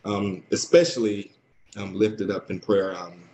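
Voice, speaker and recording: A man hosting a radio talk show, soft-spoken, reading listener comments aloud. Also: fairly low pitch, fairly even intonation, a little slow, gravelly, slight background noise, low-quality recording. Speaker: radio host.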